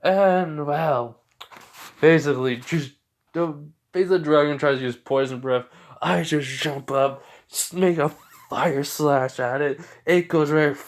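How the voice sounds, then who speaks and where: A man's voice: a little high, unhurried. A tired man improvising a fan fiction story aloud, rambling with lots of fillers and occasional stutters.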